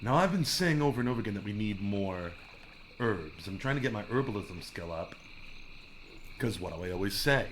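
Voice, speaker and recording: A man with a lowish voice chats casually to his viewers while playing a game on a live stream. He talks loosely and off the cuff into a desk microphone, with a faint hum of background noise behind him. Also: expressive, moderate pace. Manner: chatty, talking to chat while playing. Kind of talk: casual gameplay commentary.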